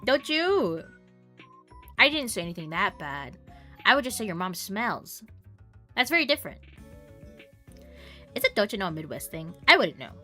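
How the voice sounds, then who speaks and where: A young woman from Canada, a streamer chatting casually with her viewers, playful and teasing, quick to laugh and trade mock insults. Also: medium pitch, big pitch swings, bright, forceful tone, faint music behind. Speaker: variety streamer. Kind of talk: casual chat reading stream chat.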